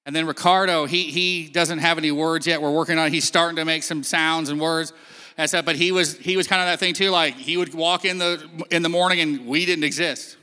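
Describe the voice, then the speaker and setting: A man's voice: on the high side, steady tone, a little fast, sharp tone, clean tone. A man telling a Bible story on stage in a casual, storytelling way, acting out the quotes. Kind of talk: sermon-style talk. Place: stage in a large hall. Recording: long hall reverb.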